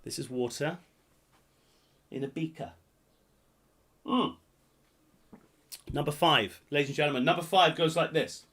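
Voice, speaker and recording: A man hosting a live-streamed pub quiz, jokey and rambling, swinging between loud announcements and muttered asides. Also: on the high side, unhurried, pauses often. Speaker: quiz host.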